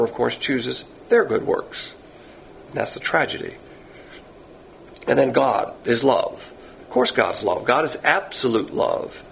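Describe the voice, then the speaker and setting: A man's voice: medium pitch, gravelly, a little hiss or hum, poor audio. A man giving a recorded Bible teaching, emphatic, stretching key words and correcting himself as he goes. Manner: emphatic, self-correcting, drawn-out stresses.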